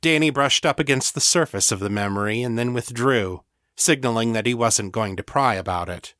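A man reading an audiobook aloud in calm, measured scripted narration. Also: medium pitch, no echo, studio quality.

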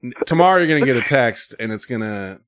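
A man's voice: mid-range voice, expressive, fast, fairly bright tone, no echo. A man hosting a podcast in easygoing casual chat. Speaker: podcast host.

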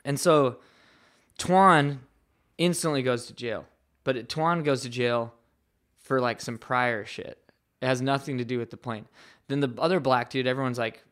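A man's voice: medium pitch, normal speed, pauses often. A man, a professional skateboarder and podcast guest, telling a story in a loose, profane way, full of fillers. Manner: profane, filler-heavy, animated retelling. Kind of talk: casual storytelling.

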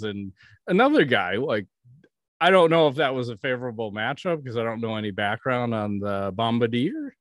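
A podcast co-host chats casually in a blunt, profane, joking manner. His medium-pitched voice has lively intonation and a normal speed, captured in a dry, clean studio recording.

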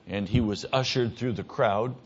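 Male pastor, sermon delivery, emphatic, hushed to loud; muffled low-fidelity recording. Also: moderate pace, breathy edge.

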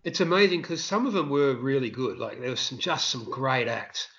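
An Australian man, a street performer, telling rambling, animated anecdotes in a casual interview. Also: medium pitch, moderate pace, muffled recording.

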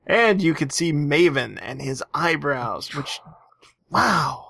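Man, podcast co-host, gravelly voice, sarcastic, dry sound. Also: on the high side, animated, takes it slowly, pushed and bright, no echo. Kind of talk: casual chat.

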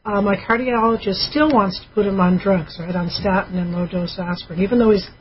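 A woman's voice: medium pitch, fairly even intonation, brisk, a little hiss or hum. A woman co-hosting a call-in radio show, reading listener messages aloud in a chatty way. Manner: reads letters aloud, chatty with fillers. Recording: muffled radio broadcast with music.

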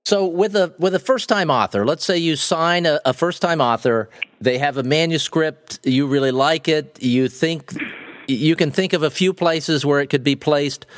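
Podcast host guy, kinda halting and thoughtful, dry close mic. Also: a little high, dry recording. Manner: thoughtful, halting, repeats words as he thinks. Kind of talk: interview questions.

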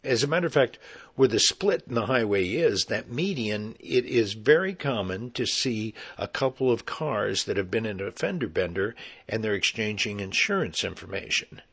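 A middle-aged man, an actor, telling a personal story in an animated, conversational way. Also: lowish voice, moderate pace, husky.

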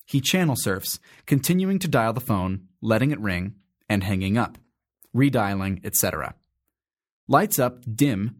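A man reads the stage directions in a matter-of-fact, measured way. His voice sits fairly low. It sounds like a stage play reading.

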